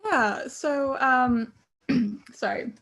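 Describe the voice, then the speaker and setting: A woman's voice: sits high, very slow, a bit bright. A woman in her thirties on a book panel, speaking hesitantly with many fillers, her voice breaking with emotion. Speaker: graphic novel author on a panel. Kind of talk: panel discussion.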